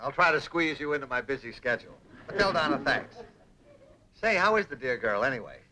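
A bright-voiced teasing bachelor. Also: male voice, medium pitch, big pitch swings, a little fast, rough recording. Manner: teasing, playful. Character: bachelor friend, playful needling middle-aged man. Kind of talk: 1950s sitcom acting.

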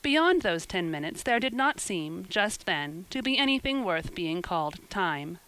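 A woman narrating a novel in a measured, gentle storytelling manner. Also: medium pitch, sing-song, clear, resonant tone, poor audio. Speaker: audiobook narrator. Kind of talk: scripted narration.

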